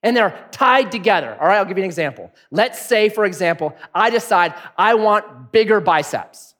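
A pastor delivering a sermon in a conversational, animated way, often asking the congregation questions. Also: male voice, high voice, normal speed.

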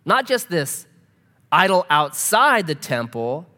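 A male pastor delivers a sermon with a lively, swinging pitch and a voice a little higher than most men's. He moves between storytelling and scripture with quick asides. His words carry the long reverb of a church sanctuary. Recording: long reverb of a large hall.

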